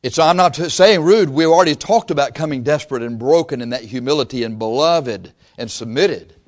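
A man's voice: mid-range voice, lively intonation, a little fast. A male preacher giving an impassioned sermon, telling the story and acting out the voices of its figures.

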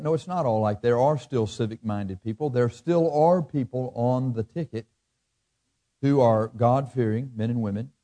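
A man's voice: medium pitch, mellow. Folksy male preacher reading scripture. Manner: folksy, reads scripture in King James cadence, chuckles at own jokes.

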